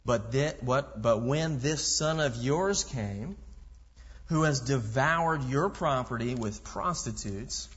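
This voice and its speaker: A man preaches a sermon, reading scripture aloud and then unpacking it with rhetorical questions. His voice sits at a medium pitch. It rings with a long reverb through a large hall, and the sound is dull and muffled. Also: takes it slowly, a bit bright.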